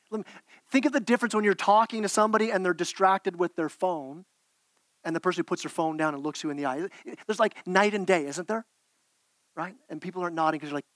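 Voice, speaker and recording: Earnest high-voiced pastor preaching. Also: male voice, fairly quick, a bit bright, no echo. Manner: earnest preaching with repeated phrases and stumbles. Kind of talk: sermon.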